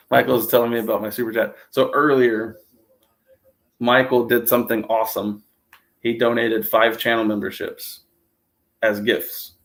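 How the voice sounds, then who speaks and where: An American man hosting a livestream, chatting casually and rambling, with frequent laughs. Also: medium pitch. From United States. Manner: easygoing, rambling, laughs often. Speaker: host.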